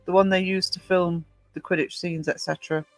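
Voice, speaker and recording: A woman from Northumberland with a soft Northumbrian English accent, chatting casually as a podcast co-host, blunt and quick to swear. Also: lowish voice, little pitch movement, dry recording, faint music behind, low-quality recording. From Northumberland, England. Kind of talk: casual chat.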